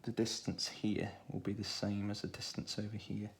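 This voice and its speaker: A man with a Stoke-on-Trent accent, talking through a children's drawing tutorial in a relaxed way, thinking aloud as he draws. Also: on the low side, moderate pace, vocal fry. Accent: Stoke-on-Trent English. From England. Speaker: art tutor.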